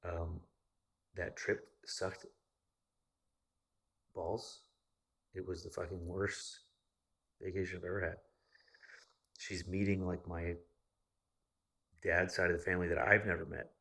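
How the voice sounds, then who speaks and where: A man with a low, husky voice tells a personal story in a loose, rambling vlog monologue. His tone is forceful and bright-edged, and he swears freely as he talks. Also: flat delivery, slow, pauses often. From United States. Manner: profane and rambling, with frequent fillers. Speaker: vlogger.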